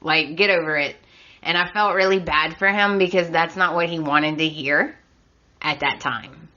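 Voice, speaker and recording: A woman's voice: lowish voice, steady tone, moderate pace, pushed and bright, highs cut off. A woman hosting a podcast, chatty and opinionated with a sarcastic edge, recapping in a casual way. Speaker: podcast host.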